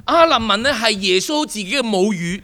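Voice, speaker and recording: A preacher speaking Cantonese with a Cantonese accent, delivering a sermon emphatically and repeating key phrases, pausing for an interpreter. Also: medium pitch, lively intonation, sharp tone.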